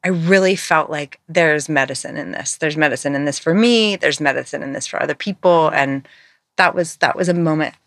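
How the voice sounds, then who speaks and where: A woman with a notably low voice talks through her thoughts in an earnest, searching way, pausing and restarting as she goes. The sound is dry and close, with no room around it. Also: a bit bright, no room sound. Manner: earnest, searching, halting phrasing with many fillers. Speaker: guest, author and musician. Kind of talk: reflective conversational interview.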